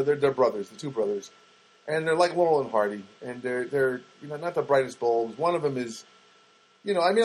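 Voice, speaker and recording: A comedian with a slightly high voice tells a wry, rambling anecdote full of asides, restarts and acted-out dialogue, digressing as he goes. The audio quality is poor.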